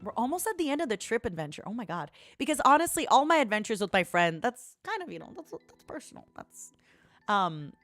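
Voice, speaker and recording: A woman's voice: fairly high pitch, big pitch swings, a little fast, a bit bright, no room sound, faint music behind. A woman streamer in casual chat, telling a story dramatically and animatedly.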